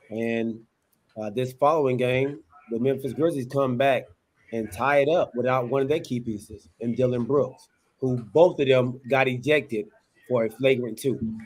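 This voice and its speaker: A man leading a casual sports talk show in a middle-pitched voice. He speaks in a relaxed, conversational way and reads out listener comments. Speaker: podcast host. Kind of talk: casual chat.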